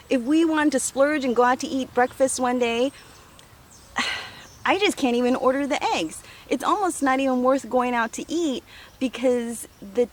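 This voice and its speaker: A woman giving a casual, enthusiastic tour of her farm garden outdoors, talking warmly and laughing often. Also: on the high side. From United States.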